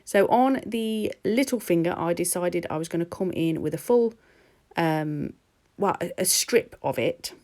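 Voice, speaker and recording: A woman's voice: lowish voice, expressive, a little slow, darkish tone. A woman narrating her nail art in a chatty, rambling voice-over recorded at home. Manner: chatty and rambling, with laughs and ums.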